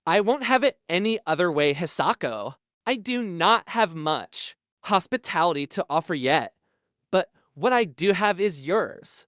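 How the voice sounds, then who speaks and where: A man's voice: high-pitched, expressive, unhurried, fairly bright tone, dry recording, studio quality. A man voicing a friendly, confident young village lord who gives orders cheerfully in an audiobook. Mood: commanding.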